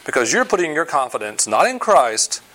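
A man preaching a sermon in a conversational, explanatory way, often pausing with fillers and stressing key points. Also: fairly high pitch, big pitch swings, bright, forceful tone. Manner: emphatic, explaining scripture. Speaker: pastor.

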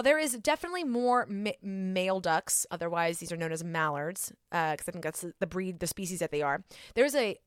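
A young adult woman hosting a podcast, telling a story in a casual, self-mocking, animated way. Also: mid-range voice, clean tone, dry recording, studio quality. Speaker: podcast host. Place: Atlanta.

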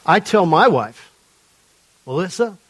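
High-voiced preacher telling stories. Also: male voice, very animated, takes it slowly, fairly bright tone, breathy edge. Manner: conversational, humorous storytelling. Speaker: pastor. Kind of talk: sermon. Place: church before a live congregation.

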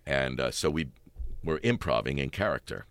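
Very deep-voiced animated man telling stories. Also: moderate pace, gravelly. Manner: animated storyteller, laughing often. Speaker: stage actor telling anecdotes. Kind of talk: casual storytelling chat.

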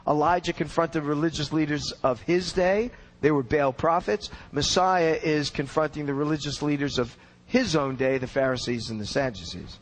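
A man's voice: on the high side, normal speed, a little hiss or hum, rough recording. A man giving an expository Bible teaching in an earnest, explanatory way, leaning on key words for emphasis.

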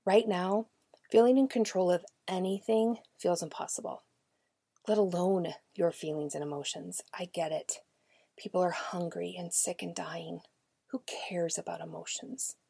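Soft-spoken husky woman podcast host. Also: on the low side, a little slow, dry recording. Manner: direct, conversational, often dropping to a near-whisper. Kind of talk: podcast talk to parents and educators.

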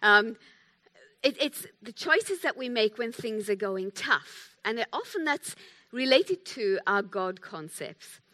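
A woman delivers a sermon in a bright, clear voice. She talks in a chatty, self-deprecating way, acting out little quotes as she goes. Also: fairly high pitch, very animated, takes it slowly. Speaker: preacher.

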